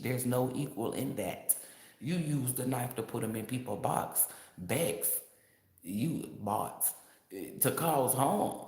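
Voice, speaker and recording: A man's voice: medium pitch, a little mellow. A man in a roomy, echoing space, talking in a brash, cussing manner. He reads tarot on a casual stream and laughs a lot as he rants. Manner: brash, profane, laughing often. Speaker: tarot reader. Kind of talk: casual livestream rant. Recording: roomy echo.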